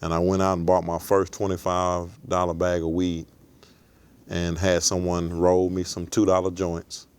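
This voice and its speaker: A man in his forties, a guest in an interview, telling his life story in a measured, reflective way. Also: deep voice, completely flat delivery, smooth.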